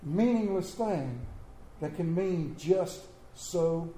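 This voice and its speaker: A middle-aged man preaching a sermon to his church, telling stories in a folksy way with sudden loud bursts. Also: on the high side, lively intonation, slow pace, slight background noise. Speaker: pastor. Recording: echoey church room.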